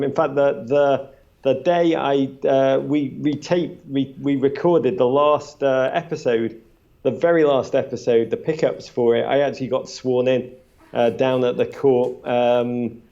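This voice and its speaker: On a live panel in a small event space, a podcast creator tells animated, chatty stories to an audience, restarting often and acting out quotes in a raised voice. His mid-range voice is steady, mellow, and a little slow, and the sound is lo-fi.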